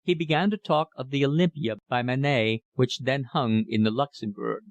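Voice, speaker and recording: A man narrating a classic novel as an audiobook, in a measured, even storytelling manner. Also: medium pitch, no room sound, highs cut off.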